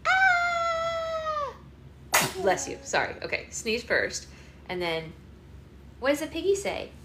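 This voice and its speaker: A woman hosting a book club live stream, chatting with her toddler in sing-song, animated baby talk. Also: medium pitch, moderate pace, very noisy.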